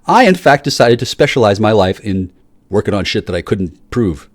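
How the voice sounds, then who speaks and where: A man's voice: lowish voice, very animated, moderate pace, dry recording. A man delivering an angry, profane solo rant, stammering through restarts as he jabs at his listeners.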